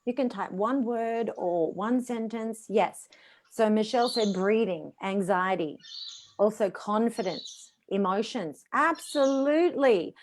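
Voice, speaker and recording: Expressive Australian woman voice coach. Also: mid-range voice, a little slow. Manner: expressive, demonstrates voices while teaching. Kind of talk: guest speaking on a live video call.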